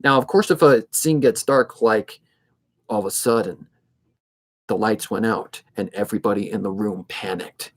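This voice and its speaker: This twenty-something fanfic-reading narrator has a voice on the low side and keeps a moderate pace. Chatting casually on a livestream, he stays steady and somewhat monotone, thinking aloud as he goes.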